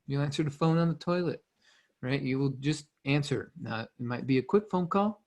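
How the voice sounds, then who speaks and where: A man's voice: on the high side, moderate pace, a little mellow. A man coaching a listener in a loose, conversational way, often repeating phrases and restarting sentences. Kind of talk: casual motivational teaching.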